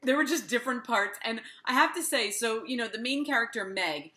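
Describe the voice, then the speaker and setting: A middle-aged woman host chats with a guest, full of gushing enthusiasm. Her voice is bright and forward. The room around her rings with noticeable echo. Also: fairly high pitch, animated, a little fast. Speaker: podcast host. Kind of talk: casual interview chat. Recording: echoey room.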